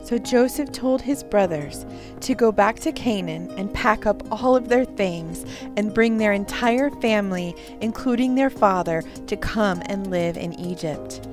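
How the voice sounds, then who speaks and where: A woman tells a Bible story in a gentle, expressive way, leaning into key moments. Her pace is very slow and measured, and faint music plays softly underneath. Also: medium pitch.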